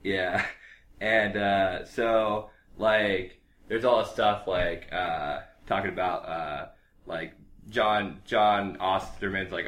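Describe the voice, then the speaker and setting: Deep-voiced man rambling casually. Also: unhurried, a bit bright. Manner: rambling, filler-heavy, acts out characters' lines. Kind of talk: casual chat recapping a graphic novel.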